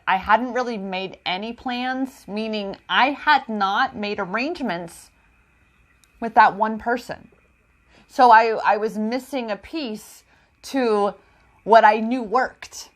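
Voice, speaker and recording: A woman talking in a personal vlog, emotional and confiding, using spiritual self-help language and calling her viewers goddess. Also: mid-range voice. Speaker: empowerment coach.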